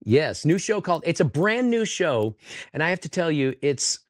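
A man's voice: fairly high pitch, big pitch swings, moderate pace, no room sound. Earnest guy ventriloquist rambling over a video call, dry close mic. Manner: earnest, rambling, restarts phrases, faith-talk. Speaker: ventriloquist and performer. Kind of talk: casual interview chat.

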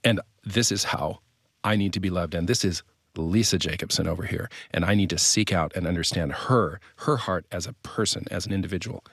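A middle-aged man sharing a marriage story as an interview guest, animated and playing out the quotes. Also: deep voice, brisk, breathy edge, no echo, studio quality.

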